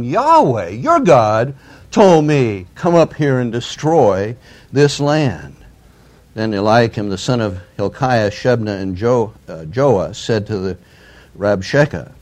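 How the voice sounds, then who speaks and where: A man's voice: mid-range voice, a little mellow. A man preaching a sermon. He reads scripture aloud with rising emphasis, then explains it plainly to his listeners. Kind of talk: sermon, Bible reading and commentary.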